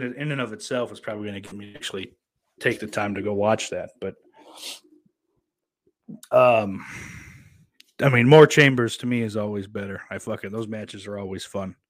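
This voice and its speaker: Reading chat messages aloud on his home livestream, the man rambles, curses liberally and keeps things casual. The recording is dry, and his fairly low voice has a bit of brightness.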